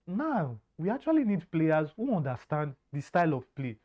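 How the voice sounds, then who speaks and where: A man's voice: fairly high pitch, very animated, moderate pace. A man giving earnest football analysis, often stumbling and repeating words. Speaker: football pundit. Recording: dull lo-fi sound.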